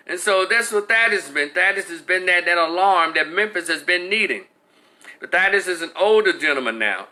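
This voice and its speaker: On a live stream, a man talks animatedly and casually, repeatedly beginning sentences again as he answers people in chat. His voice sits high.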